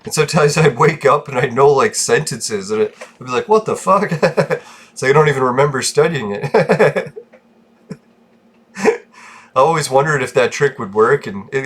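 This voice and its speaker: A man's voice: mid-range voice, animated, normal speed, fairly bright tone, slightly rough. A man hosting a gaming channel, chatting casually and rambling, swearing freely and laughing often.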